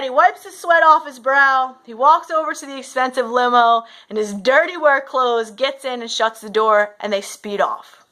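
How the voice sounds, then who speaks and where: A woman's voice: high voice, bright, forceful tone. A woman coach giving a motivational talk, telling a story and often adding "right?". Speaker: fitness and mindset coach.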